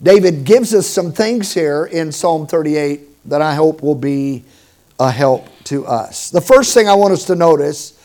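A middle-aged man preaches a sermon in a high, light voice. He tells stories with humor and leans hard on certain words, rising loud and then dropping low. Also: expressive, measured pace. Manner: storytelling with humor, emphatic swings in loudness. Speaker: pastor.

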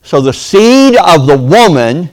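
A man's voice: fairly high pitch, big pitch swings, slow, darkish tone. A man preaching a sermon in a folksy, playful way, calling for amens from the congregation. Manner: folksy, playful, acts out voices and a "ding" sound; calls for amen from the congregation.

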